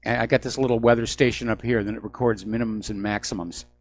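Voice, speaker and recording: A man's voice: mid-range voice, fairly even intonation, fast talker. A man hosting a call-in radio talk show, explaining points in a conversational, sometimes wry way. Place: Hawaii.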